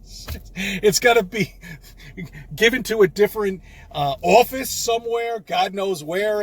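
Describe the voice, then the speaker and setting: A man filming a street vlog, ranting and swearing, swinging from loud outbursts to muttered whispers. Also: high-pitched, moderate pace, no room sound. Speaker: vlogger. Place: outdoors on a city street.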